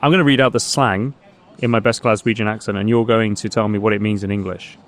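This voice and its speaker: A man's voice: lowish voice, steady tone, quick pace. A man hosting a book podcast, quizzing his guest with a light, laughing manner, recorded outdoors by a street. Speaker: podcast host and interviewer. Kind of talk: casual interview chat.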